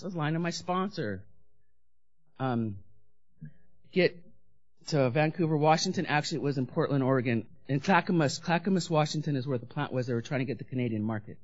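Blunt, profane woman telling her recovery story. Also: low voice. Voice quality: blunt, profane, acts out quoted voices. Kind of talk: candid personal recovery talk. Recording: dull lo-fi recording.

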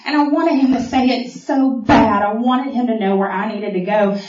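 A woman's voice: a little high, normal speed, a little mellow. A woman giving a personal testimony at a meeting, telling her story with lots of fillers and mimicking other people's voices. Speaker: speaker sharing a recovery story. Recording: echoey hall from far off, dull.

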